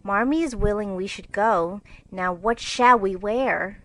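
A woman's voice: mid-range voice, a little slow, bright, forceful tone, poor audio. A woman voicing a fussy, girlish teenage older sister in a storybook reading, in a raised, eager and fretful way. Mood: delighted.

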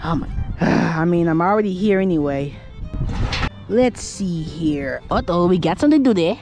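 A woman's voice: fairly low pitch, expressive, moderate pace, a little mellow, faint music behind. A woman voicing a jittery young male plumber in a plush puppet comedy skit, who sighs and stammers when nervous. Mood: grumbling. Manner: anxious, sighing, stammering.

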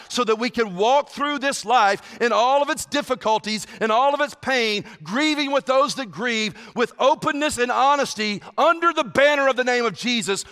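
Bright-voiced pastor in a reverberant church. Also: male voice, very high-pitched. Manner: passionate, swings from hushed to loud. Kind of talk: sermon. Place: church hall.

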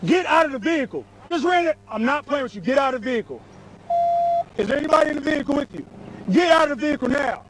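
Man, police officer, forceful repeated commands, outdoors body camera recording, background noise. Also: extremely high pitch, expressive, fast. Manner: forceful, repetitive, stern. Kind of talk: shouted commands during an arrest. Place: outdoors on a street by a stopped car.

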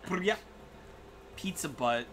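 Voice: mid-range voice, lively intonation, slow pace, heavy background noise. A game streamer joking and teasing through a let's-play session. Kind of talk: casual let's-play banter.

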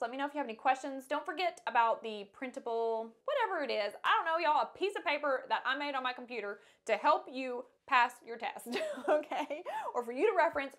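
A woman's voice: on the high side, a bit bright. A young woman, teaching haircutting in a casual, chatty tutorial with rambling asides and laughs.

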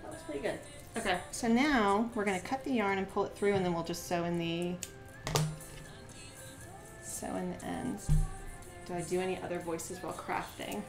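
A woman's voice: lowish voice, fairly even intonation, moderate pace, long pauses, over music. A woman chatting casually while demonstrating a craft on a live stream, giggly and full of "like" fillers.

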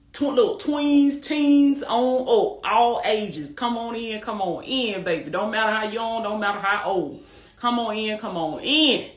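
A woman who works as a faith-based life coach hosts a casual livestream pep talk through a phone or webcam, her slightly high voice echoing in the room. She is rallying, preachy, and warm-hearted, repeats herself, and laughs often.

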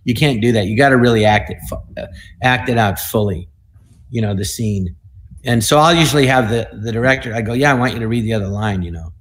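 A man in his sixties, a comedian telling stories on an online panel, animated and dropping into quick impressions. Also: mid-range voice. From United States. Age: 60s. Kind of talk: casual storytelling.

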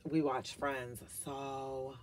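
Middle-aged lady doing a chatty haul vlog, unhurried, gushes a lot, little whispery asides, faint hiss behind. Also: a bass voice, level tone. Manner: gushing, chatty, full of "like" fillers, drops to whispered asides. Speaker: vlogger reviewing wax melts.

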